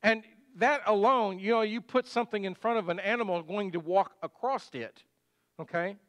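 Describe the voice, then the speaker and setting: High-voiced pastor preaching. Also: male voice, normal speed, fairly bright tone, dry recording. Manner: conversational preaching with rhetorical questions. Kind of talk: sermon.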